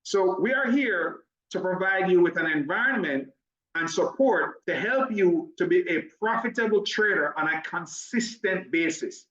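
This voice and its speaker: A man with a Jamaican accent giving an upbeat, persuasive online sales presentation, talking fast when excited. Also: sits high, roomy sound, recorded from a distance, lo-fi sound. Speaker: business opportunity presenter.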